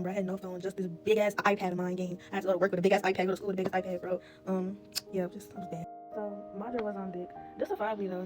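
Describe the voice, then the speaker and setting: Fast, slangy young woman with music. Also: medium pitch. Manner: casual, slangy, laughing storyteller. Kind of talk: storytime vlog. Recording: music bed behind.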